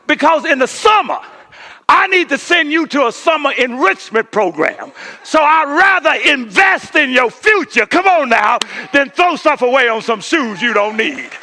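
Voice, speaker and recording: Preacher man, call and response, high voice all over the place, repeats himself in bursts. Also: very animated, normal speed, a faint crowd. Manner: call-and-response preaching, swinging between hushed asides and shouted peaks; repeats words and restarts in bursts. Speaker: pastor. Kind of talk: sermon.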